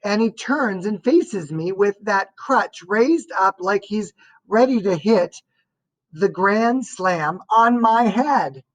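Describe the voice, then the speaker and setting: Woman narrating an audiobook in first person, unhurried, lively up-and-down voice. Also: medium pitch, poor audio. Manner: slow, expressive storytelling.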